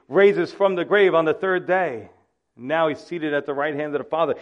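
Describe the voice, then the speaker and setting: Male pastor, fairly high voice, dramatic sermon delivery, lo-fi recording. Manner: dramatic, acts out quoted voices.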